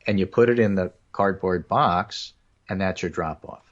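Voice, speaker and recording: A man's voice: sits low, moderate pace, dull audio. A man hosting a podcast, casually telling a story and acting out what people said. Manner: storytelling, acts out other people's lines. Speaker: podcast host. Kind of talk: casual chat, telling an anecdote.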